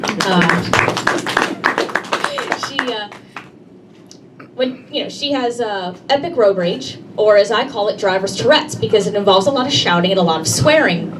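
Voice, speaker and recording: A woman's voice: mid-range voice, expressive, normal speed, pauses often. A woman performing a stand-up comedy set, brash and conversational, talking straight to the crowd. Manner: brash, conversational, addresses the audience directly. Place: comedy club stage. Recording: distant mic, noisy room ambience.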